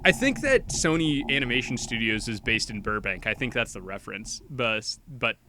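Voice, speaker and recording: A young adult man co-hosting a podcast, talking casually with an animated, jokey manner. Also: medium pitch, normal speed, noisy background. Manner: animated, jokey, laughs often. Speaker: podcast co-host. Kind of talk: casual chat.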